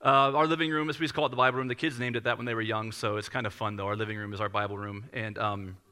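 A man's voice: on the low side, level tone, rapid-fire, pushed and bright, clean tone. A man in his thirties, a pastor preaching a sermon to a congregation in a conversational, self-deprecating storytelling manner.

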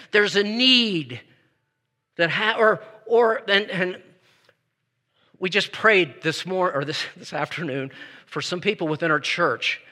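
A male pastor delivers a Christmas Eve sermon to his congregation. He talks in a loose, conversational way, full of asides and restarts. His voice sits a bit high and rings bright.

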